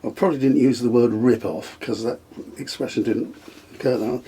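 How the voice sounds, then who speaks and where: An older man with a husky, slightly breathy voice, spinning long anecdotes in conversation. He chuckles often and pauses on fillers as he recalls things. His pitch sits in a medium range. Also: fairly even intonation, dark tone. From England. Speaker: guest, storyteller. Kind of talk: reminiscing conversation.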